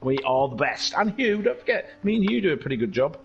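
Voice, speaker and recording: A man's voice: on the high side, quick pace, gravelly, highs cut off. A man giving jokey, rambling live commentary on a sim race. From England. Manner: excitable, jokey, tangent-prone.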